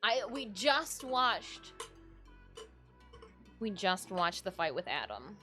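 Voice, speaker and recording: A young adult woman streamer from Michigan, chatting casually with her viewers and often breaking into loud laughter. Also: medium pitch, very animated, takes it slowly, soft background music. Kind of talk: casual live-stream chat while drawing.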